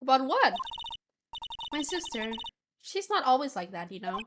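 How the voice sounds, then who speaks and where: Lady reading an earnest young woman, excitable, high and bouncy, game music behind. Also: normal speed, background noise. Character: earnest young woman, eager science fan.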